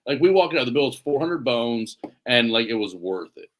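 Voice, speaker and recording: Speaking at a moderate pace in a mid-range voice, this man co-hosts a podcast. He keeps things chatty and laid-back, rambling his way through stories.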